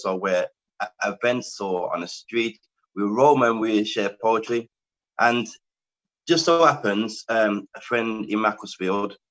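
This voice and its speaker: A man who is a poet, telling his story calmly and steadily as an interview guest. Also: lowish voice, highs cut off.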